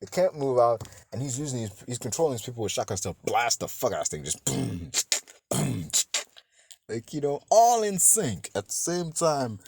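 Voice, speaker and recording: A man's voice: mid-range voice, very animated, brisk, hardly any pauses, a little mellow, dry recording, faint music behind. A man hosting a podcast, giving a casual, rambling film review full of swearing and fillers. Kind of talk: casual movie review monologue.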